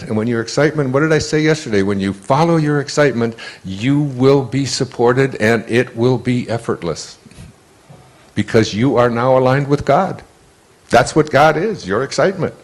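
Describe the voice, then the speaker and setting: A man's voice: medium pitch, animated, moderate pace. An older man giving a motivational lecture, telling stories in a conversational way that often repeats and restarts words. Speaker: motivational speaker. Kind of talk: storytelling lecture.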